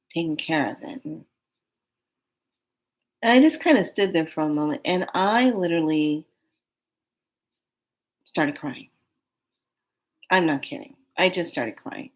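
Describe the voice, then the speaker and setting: Speaking directly to her viewers, a middle-aged spiritual vlogger with a low voice tells a personal story. She's loose and casual, repeating words and restarting sentences.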